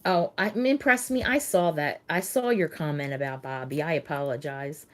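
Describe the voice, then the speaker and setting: A middle-aged woman hosting a casual live chat with her viewers, talking in a halting way and repeating words as she gets emotional. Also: low-pitched. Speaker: livestream host.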